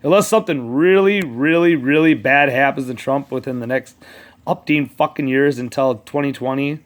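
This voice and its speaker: A man's voice: mid-range voice, normal speed. A man ranting casually to his channel's viewers, rambling and swearing as he talks straight to politicians who aren't there. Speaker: vlogger. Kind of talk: casual rant to camera.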